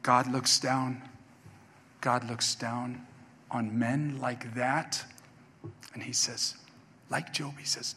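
A man's voice: mid-range voice, level tone, slow, pauses often, pushed and bright, husky. A man preaching a sermon as pastor, emphatic and repeating key phrases for weight. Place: church sanctuary. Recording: reverberant church hall.

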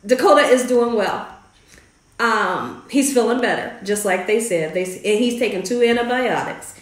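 A woman's voice: on the high side, normal speed. A woman hosting her own vlog, telling a family story in a chatty, faith-filled way. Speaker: cooking channel host. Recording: roomy echo.

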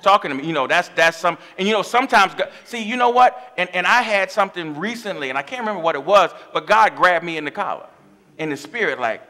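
Give me a pastor preaching with passion to his church, a man with a high, bright voice. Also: animated, fast. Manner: impassioned preaching with call-and-response asides. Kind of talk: sermon. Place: church sanctuary.

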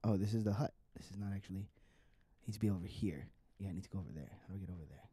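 Chatty streamer, low voice, swears freely while playing. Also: male voice, rapid-fire, warm tone, husky, dry recording. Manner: profane, chatty, talks to himself and the game. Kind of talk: live gameplay commentary.

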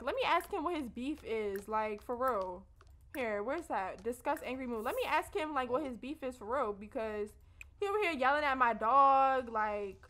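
In this let's play, a young woman offers casual gameplay commentary, talking to viewers in a slangy, expressive way. Her voice is high and expressive, fairly bright, and moderately paced.

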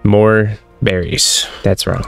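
A man giving excitable let's-play commentary, laughing often and chatting to his in-game pet as he plays at home on a close desk mic. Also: lowish voice, slow pace, creaky, faint music behind. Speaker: gaming channel host.

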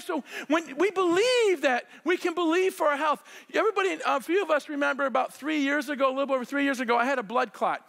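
A middle-aged man preaching a sermon, telling healing stories with excited shouts and laughter. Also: very high voice, vocal fry, in a large hall. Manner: excitable storyteller, shouts and laughs while acting out scenes. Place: church sanctuary.

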